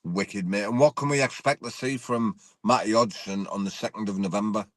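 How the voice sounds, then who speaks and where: A man's voice: lowish voice, brisk, dry recording. Casual male interviewer, sweary and laddish, dry close sound.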